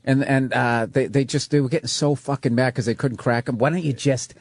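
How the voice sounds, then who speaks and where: A man chatting on a radio talk show, telling animated, profane stories and acting out scenes as he goes. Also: mid-range voice, a little fast, no room sound. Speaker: radio show co-host or guest.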